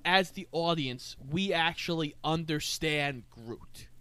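A man with a high, smooth voice walks through a movie's plot on a podcast. He slips in teasing jokes along the way. The recording is dry and close. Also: slow, bright, forceful tone, no echo. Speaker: podcast co-host. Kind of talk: casual movie discussion, plot recap.

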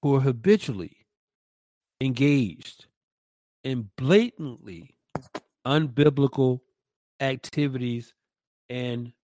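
A man's voice: mid-range voice, takes it slowly, pauses often, a little mellow, no echo. A man co-hosting a Christian commentary podcast, emphatic and stressing points by repeating words. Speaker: podcast co-host.

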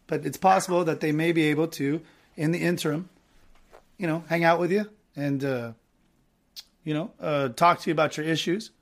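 Brief: rambling podcast host with a fairly high voice, chatty and loose, lots of fillers. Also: male voice, moderate pace. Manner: rambling, joking, full of fillers. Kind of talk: casual chat.

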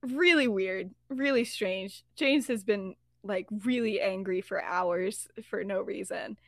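A woman's voice: medium pitch, slow pace, no echo, clean studio sound. A woman casually voicing a confused, annoyed teenage girl. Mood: irritated. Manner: baffled, irritated.

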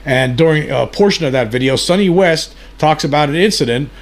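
Man hosting, halting with fillers. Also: fairly high pitch, expressive. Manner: halting, many fillers and restarts. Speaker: host. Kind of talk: casual commentary on a video.

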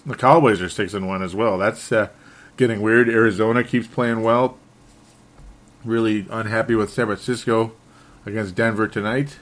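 Man, lowish voice, solo sports talk host, frustrated, rambling, stumbling over words. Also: steady tone, moderate pace. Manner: restarts and self-corrections.

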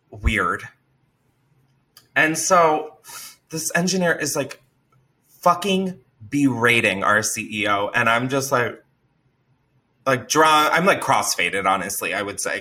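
A man telling a story in casual chat, animated and profane, with lots of "like.". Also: medium pitch. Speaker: podcast co-host telling a story.

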